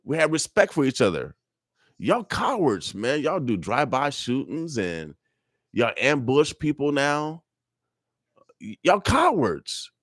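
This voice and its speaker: A man's voice: medium pitch, wildly swooping pitch, slow, a bit bright, no echo. An older man speaking on a radio show in a studio, preaching and joking, repeating himself in casual street talk. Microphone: studio microphone.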